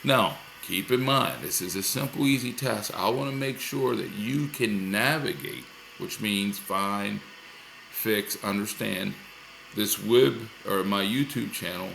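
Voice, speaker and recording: A man's voice: fairly low pitch, takes it slowly, gravelly, a bit bright, slight background noise. A male teacher recording a lesson video for his class, upbeat and encouraging, often repeating himself.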